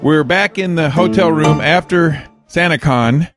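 A man hosting a podcast, playfully teasing people in quick party interviews. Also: on the high side, over loud music. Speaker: podcast host.

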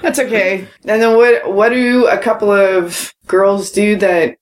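A woman's voice: medium pitch, a little slow, slight background noise. A middle-aged woman co-hosting a podcast, telling a racy story in candid casual chat with lots of laughter. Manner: bawdy, laughing, animated storyteller. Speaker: podcast co-host.

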